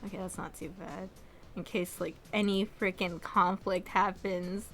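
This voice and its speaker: A woman's voice: fairly low pitch, steady tone, a little slow, fairly bright tone, faint music behind. A woman streamer chatting casually about a game she plays, with many "like"s and laughs. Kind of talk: casual gameplay commentary.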